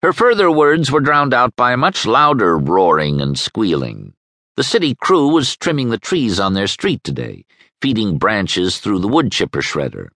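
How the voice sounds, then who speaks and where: A man narrating an audiobook with wry, expressive storytelling. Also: fairly low pitch, unhurried, no echo. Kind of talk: scripted narration. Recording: dry studio sound.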